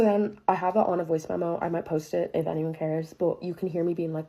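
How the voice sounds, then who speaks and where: Speaking fast and barely pausing, this woman has a dark voice that sits on the low side. She's young and retells something dramatic from her own life in a casual, cursing way, stuffed with "like" and sheer disbelief.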